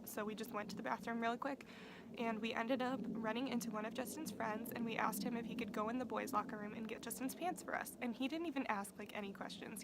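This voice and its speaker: A young woman vlogger telling a casual storytime, talking fast and swearing freely, saying "like" all the time. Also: on the high side, very noisy. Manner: profane, fast-talking, uses "like" constantly.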